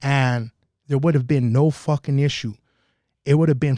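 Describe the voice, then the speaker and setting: A man's voice: medium pitch, fairly even intonation, moderate pace, dark tone, no room sound, clean studio sound. A man in casual podcast chat, talking passionately and swearing often as he tells stories. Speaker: podcast guest.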